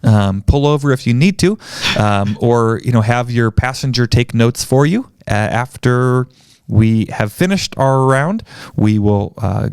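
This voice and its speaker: A man's voice: medium pitch, expressive, measured pace, darkish tone, smooth, dry recording, studio quality. A man co-hosting a podcast, casually running a party game and explaining the rules in a playful, rambling way. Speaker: podcast co-host. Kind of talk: casual chat, game round.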